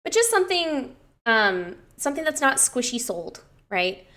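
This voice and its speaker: A young woman personal trainer casually reviewing clients' lifting technique, chatty and given to swearing and gushing excitement. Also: high voice, normal speed.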